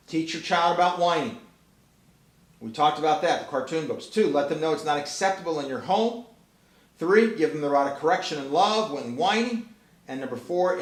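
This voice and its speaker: A man's voice: medium pitch, fairly bright tone, reverberant. A man giving a Christian parenting talk to parents, earnest and folksy, telling stories the way a preacher does.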